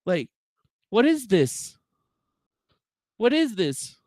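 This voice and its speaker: A man streaming from his home setup, ranting casually and profanely, swearing at his own software. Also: high voice, sing-song, very slow, dry recording, studio quality. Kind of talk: casual livestream rant. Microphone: desk microphone with noise gate.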